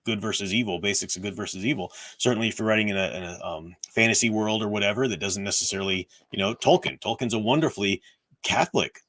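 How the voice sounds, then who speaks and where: A man's voice: fairly low pitch, fast talker, a bit bright. A man hosting a casual livestream, answering viewer questions in an earnest, explanatory way. His voice sounds tired and strained. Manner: earnest, explanatory, thinks aloud. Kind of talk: casual livestream commentary on faith and fiction.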